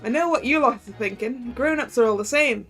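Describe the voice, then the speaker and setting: A woman's voice: fairly high pitch, brisk, fairly bright tone, faint music behind. A woman voicing a cheeky young girl pickpocket with a wobbly attempted Cockney accent that drifts toward Irish. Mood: taunting. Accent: attempted Cockney, slipping toward Irish.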